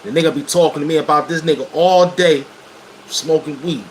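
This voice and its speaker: A man's voice: fairly high pitch, fairly quick, rough recording. A man from Brooklyn with a New York accent, telling stories to viewers on a livestream in blunt street slang. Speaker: livestream host. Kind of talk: casual livestream storytelling. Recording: air conditioner hum behind voice. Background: air conditioning hum.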